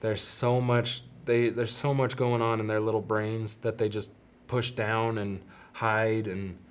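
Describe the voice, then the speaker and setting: Earnest low-voiced man reflecting. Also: flat delivery, clear, resonant tone. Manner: earnest, halting, with many restarts. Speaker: podcast host. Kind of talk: reflective solo podcast monologue.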